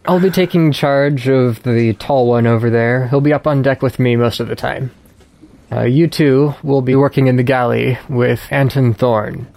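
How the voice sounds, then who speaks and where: A man voicing a brawny, gruff male ship bosun who gives blunt orders. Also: medium pitch, fairly even intonation, moderate pace, a little mellow, natural voice. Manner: blunt, commanding.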